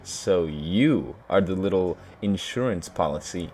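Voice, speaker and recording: A man's voice: low-pitched, animated, a little slow, dark tone, slight background noise. A man voicing a composed, guarded but playful woman who runs a bar, read aloud from a game.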